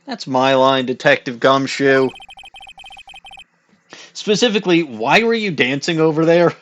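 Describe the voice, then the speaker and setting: A man's voice: a little high, animated, unhurried, fairly bright tone, muffled recording, slight background noise. A man reading the lines of an earnest young male defense lawyer from a video game in a dry, wry way. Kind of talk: game dialogue read aloud.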